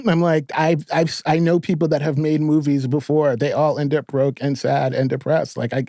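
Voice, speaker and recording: A middle-aged man from New York, a podcast guest telling stories in a lively, profane, laughing way. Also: fairly high pitch, fairly quick, no room sound, clean studio sound. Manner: animated, profane storytelling with frequent laughter. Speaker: podcast guest, therapist and filmmaker. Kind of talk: casual storytelling interview.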